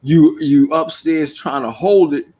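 A man co-hosting a podcast, telling stories loudly and swearing freely while he laughs a lot. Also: on the high side, a little slow, very noisy. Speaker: podcast co-host. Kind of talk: casual chat.

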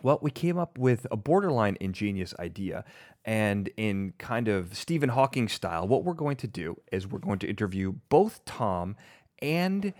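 A self-mocking male podcast host talks in a fairly low voice, recorded close and dry. He rambles in a loose, joking way and often stumbles and restarts mid-sentence. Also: very animated, normal speed, a little mellow, no echo.

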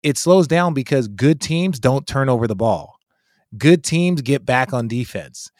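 A man hosting a casual sports chat, talking in an animated, emphatic way and swearing freely. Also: medium pitch, measured pace, no echo, clean studio sound.

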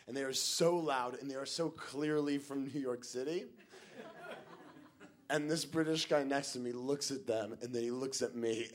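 A man telling a comic story on stage, animated and acting out the people he meets. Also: on the high side. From United States. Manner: animated, acts out the people in his story with big voices. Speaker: stand-up comedian.

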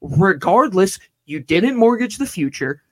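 A man's voice: sits high, big pitch swings, measured pace, fairly bright tone, no room sound. A man co-hosting a sports podcast, talking emphatically and drawing words out for effect. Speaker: podcast co-host.

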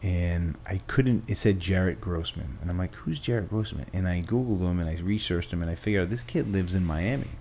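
A man with a very low, warm voice tells an animated story as a trainer and gym owner. He stops and restarts often and acts out quoted lines. Faint noise sits under the recording. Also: brisk, hardly any pauses. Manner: animated anecdote-telling with acted quotes and restarts. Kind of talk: conversational storytelling.

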